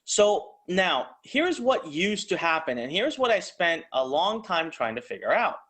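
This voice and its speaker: A man's voice: sits high, big pitch swings, unhurried, sharp tone. Hyped man hosting a live webinar. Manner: hyped, salesy, talks to viewers directly. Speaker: online seminar presenter. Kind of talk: energetic live webinar pitch.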